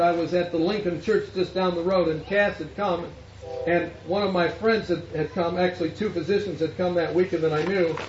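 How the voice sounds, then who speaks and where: A man preaching as a pastor, telling a story and acting out the voices of the people in it. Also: high voice. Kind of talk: sermon storytelling. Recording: echoey hall, distant mic, dull sound.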